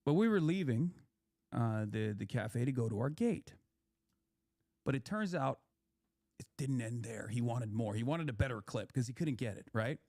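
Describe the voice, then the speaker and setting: A man's voice: mid-range voice, animated, normal speed, dark tone, dry recording, clean studio sound. A young man, a political commentator, ranting in a heated, profane, rambling way on a stream.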